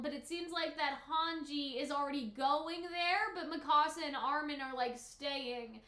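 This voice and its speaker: A woman's voice: high voice, moderate pace, hardly any pauses, pushed and bright, reverberant. A woman giving casual reaction commentary on an anime, talking in a chatty, emotional way full of fillers, at her computer at home.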